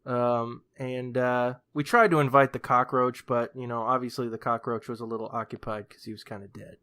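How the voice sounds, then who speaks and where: A man co-hosting a casual comedy podcast, telling absurd stories in a deadpan way, full of ums and uhs. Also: medium pitch, moderate pace. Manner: deadpan, rambling, many fillers. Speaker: podcast co-host. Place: lives in Brazil.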